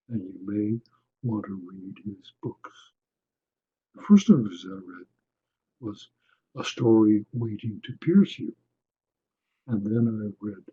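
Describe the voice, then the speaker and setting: A man giving a webinar lecture, unhurried, often checking in with his listeners. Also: on the low side, slightly rough, muffled recording. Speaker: webinar presenter on attitudinal healing.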